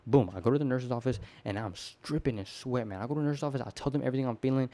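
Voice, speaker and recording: A teenage boy spills his story straight to the camera at a quick clip, full of slang and swearing. His voice is warm and dark. He keeps it loose and animated, jumping from point to point. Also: medium pitch. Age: teens. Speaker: teen vlogger. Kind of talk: casual rambling monologue to camera.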